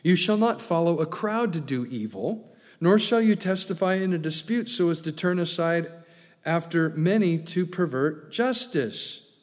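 A man's voice: a little high, lively intonation, a little slow. A man preaching a folksy sermon, telling stories and growing emphatic as he makes his points. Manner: folksy storytelling, grows emphatic. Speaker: pastor. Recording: long hall reverb.

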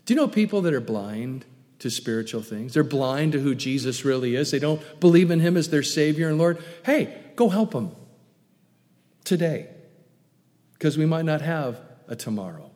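A man's voice: on the high side, very animated, moderate pace. Sex: man. Role: pastor preaching in a reverberant hall. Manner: emphatic, swings between loud urging and soft hushed asides. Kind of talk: sermon.

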